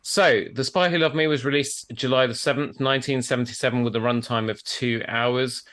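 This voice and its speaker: Male host, chatty, laughs easily, mid-pitched voice, video-call podcast. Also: steady tone, fairly quick, a bit bright. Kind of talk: casual podcast chat.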